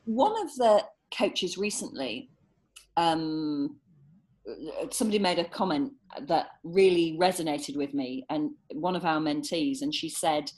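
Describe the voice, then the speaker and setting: Casting: British woman, podcast host, lowish voice, chatty and animated. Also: a little slow. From Britain. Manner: chatty and animated, laughs often. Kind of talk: conversational podcast interview.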